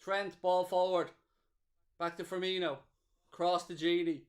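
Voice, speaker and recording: A man with a high-pitched voice and a slightly slow pace hosts a live football watchalong. Excitably cheering and gloating, he reads out what viewers type in the chat.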